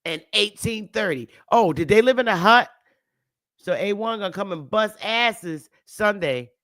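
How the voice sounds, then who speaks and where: Woman, livestream host, casual and profane, laughs a lot, slow delivery, bright tone. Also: medium pitch, expressive. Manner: loose and profane, laughing often.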